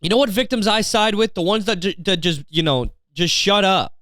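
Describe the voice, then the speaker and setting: A man's voice: high-pitched, normal speed, a bit bright, no room sound, studio quality. A young man hosting a comedy podcast, ranting in a profane, sarcastic way and slipping into mocking voices. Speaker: podcast host.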